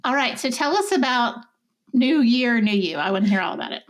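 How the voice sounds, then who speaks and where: A woman's voice: a little high, expressive, brisk, a little hiss or hum. A woman with a slight Southern accent co-hosting a podcast in casual, chatty talk, laughing often and poking fun at herself. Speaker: podcast co-host.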